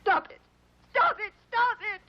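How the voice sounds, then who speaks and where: A grief-shattered mother, her high voice cracking into sobbing outbursts and a slow, heavy delivery. It sounds like a dull, lo-fi old TV soundtrack with a faint hiss beneath. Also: animated. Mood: anguished. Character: grieving mother, distraught and unhinged. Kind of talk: 1950s-60s TV drama acting.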